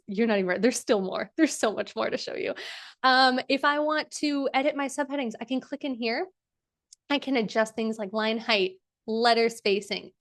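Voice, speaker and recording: A young woman hosting a live workshop, walking through a design tool in a chatty, enthusiastic way with many fillers. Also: on the high side. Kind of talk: casual live screen-share demo.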